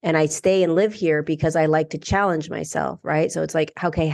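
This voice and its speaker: A woman's voice: low voice, fairly even intonation, brisk, gravelly, a little mellow. A middle-aged woman guesting on a podcast, talking in an earnest, reflective way and often restarting her sentences. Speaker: podcast guest, ascension teacher. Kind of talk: casual conversational interview.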